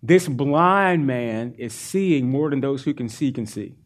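A male pastor preaching a sermon, earnest and animated as he retells a Bible story. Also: mid-range voice, slow.

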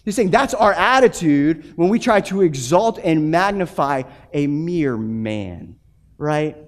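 A man in his thirties preaches a sermon, his voice sitting a little higher than most men's. He is animated and restless, doubling words as he pushes a point and slipping into short acted-out quotes. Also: takes it slowly. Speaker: pastor.

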